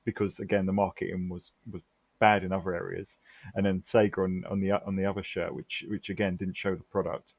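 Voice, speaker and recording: A man's voice: low-pitched, flat delivery, brisk, vocal fry, husky, no echo. A man co-hosting a podcast in casual chat, emphatic and exasperated, firing off rhetorical questions. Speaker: podcast co-host.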